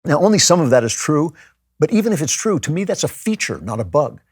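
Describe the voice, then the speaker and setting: A man's voice: on the high side, fast, husky, dry recording, clean studio sound. A middle-aged man hosting a show, talking casually and emphatically about faith, often mimicking what other people say. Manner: conversational, emphatic, animated quoting of others. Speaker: podcast host.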